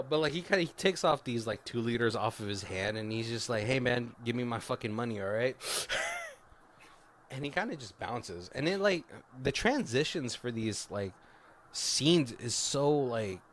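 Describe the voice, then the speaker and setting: Male podcast host retelling a film scene by scene, loose and profane, with a lively voice over faint background noise. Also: mid-range voice, normal speed. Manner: profane, laughing, retells scenes doing quoted lines. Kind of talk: casual movie review chat.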